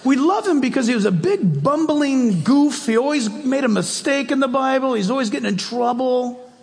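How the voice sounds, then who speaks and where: Emphatic high-voiced preacher in a hall. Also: male voice, animated, moderate pace, vocal fry. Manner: emphatic, conversational, asks the crowd questions. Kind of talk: sermon.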